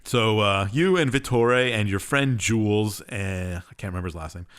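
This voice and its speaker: A young man on a podcast runs through a game's plot in loose, casual chat. His voice sits a bit low, and he shrugs off details with offhand, sarcastic asides. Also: normal speed, a bit bright, clean tone. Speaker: podcast co-host.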